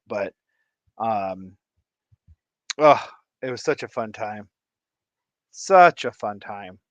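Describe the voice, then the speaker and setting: A man chats through a long story in a loose, rambling way, often breaking into laughter mid-sentence. His pitch swings animatedly, and the recording is dry and close with no room sound. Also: expressive, slow pace, pauses often, no room sound. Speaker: fish-keeping vlogger. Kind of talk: casual storytelling.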